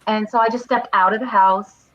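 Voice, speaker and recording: A woman's voice: mid-range voice, brisk, lo-fi sound. A woman guest in casual chat who tells stories with energy and acts out what people said. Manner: lively storyteller, acts out quotes. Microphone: video call.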